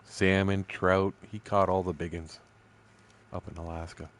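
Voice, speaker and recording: An older man in his sixties chats while he plays a fishing game on stream. His voice sits a little low. He rambles through old stories, swears freely and laughs along the way. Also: level tone, unhurried. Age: 60s.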